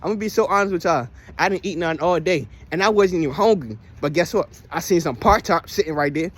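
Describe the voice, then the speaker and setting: A man's voice: fairly high pitch, quick pace. A man giving a casual motivational monologue, preachy and profane, full of rhetorical questions and repeated lines. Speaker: spiritual vlogger.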